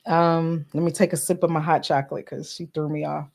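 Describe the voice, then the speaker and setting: A woman's voice: deep voice, little pitch movement, a little fast, gravelly, darkish tone. Chatty woman podcast host greeting viewers. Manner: chatty, greets live commenters by name; earnest and personal, some filler words. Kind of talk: live-stream casual chat.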